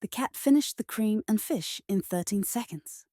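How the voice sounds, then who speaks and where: A woman narrating a children's storybook in a gentle, measured read-aloud manner. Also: mid-range voice, animated, no echo, studio quality.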